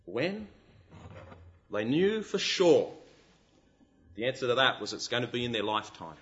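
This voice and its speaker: A man preaching a sermon, animated and full of rhetorical questions. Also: mid-range voice, measured pace, dull audio.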